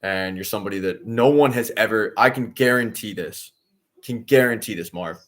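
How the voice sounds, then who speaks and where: A young adult man streaming live, ranting at a troll in his chat and insisting he is calm, repeating himself with sarcasm. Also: lowish voice, normal speed. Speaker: watch-along streamer.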